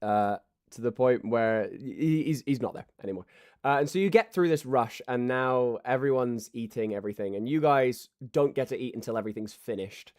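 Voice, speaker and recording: A man narrating a tabletop game as game master, lively and quick to slip into character voices. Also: medium pitch, no echo, studio quality. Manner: animated, yelling in character voices.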